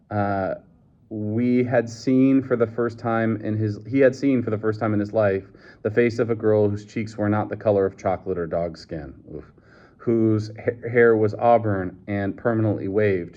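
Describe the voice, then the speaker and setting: Low-voiced man reading a novel aloud. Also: darkish tone. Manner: measured, with slips and restarts. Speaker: reader. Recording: dull lo-fi recording.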